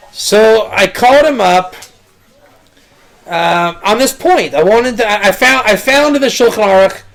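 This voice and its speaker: A man with a notably high voice gives a loose, rambling teaching talk as a rabbi. He stumbles and repeats words, sprinkling Hebrew and Yiddish terms through his explanations. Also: a bit bright. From Israel.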